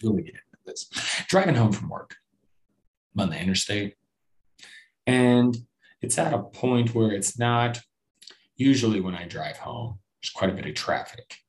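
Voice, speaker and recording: A man's voice: fairly low pitch, animated, unhurried, pauses often, a little hiss or hum. Rambling, cursing podcast man. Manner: rambling, profane and self-deprecating, with frequent restarts. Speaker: podcast host. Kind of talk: casual solo podcast chat.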